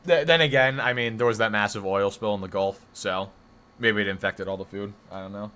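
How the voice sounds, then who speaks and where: A man's voice: fairly low pitch, a little fast, bright, forceful tone. A man from the northeastern United States, streaming and chatting casually, rambling and correcting himself as he reacts to chat.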